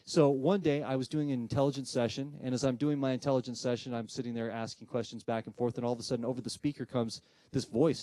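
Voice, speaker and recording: There's no room sound as a man talks fast at a medium pitch, telling an audience a story during his presentation on spirit communication. He animatedly acts out the voices within the quoted dialogue.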